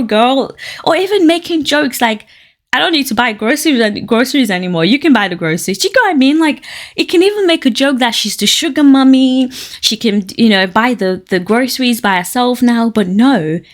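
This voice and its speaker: A woman from Nigeria hosting a podcast, reading out online stories and reacting with outspoken, animated commentary and frequent laughter. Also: medium pitch. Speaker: podcast host.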